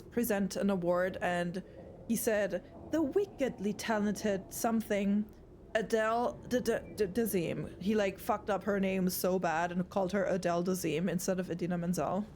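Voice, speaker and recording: A young female streamer with a mid-range, darkish voice talks casually and swears often to viewers during live horror gameplay, over a little hiss or hum.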